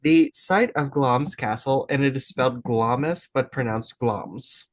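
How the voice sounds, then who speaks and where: A man's voice: medium pitch, normal speed. Man, podcast host, tipsy, casual, stumbles over words, mid-range voice. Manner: chatty, laughs easily, stumbles over words. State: a bit tipsy from drinking. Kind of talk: casual chat and read-out episode intro.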